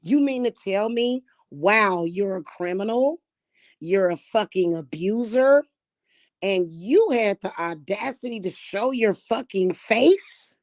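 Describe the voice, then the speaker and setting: A woman vlogger ranting angrily to her viewers, swearing heavily, repeating insults and rising to shouts. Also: mid-range voice, animated, takes it slowly, no echo, clean studio sound. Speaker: spiritual vlogger. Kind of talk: angry rant to camera.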